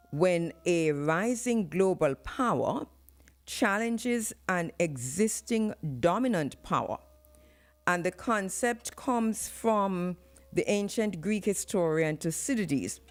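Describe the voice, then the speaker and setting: A woman hosting live radio commentary, talking in an animated way and switching into patois for emphasis. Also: lowish voice. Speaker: radio talk show host. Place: radio studio.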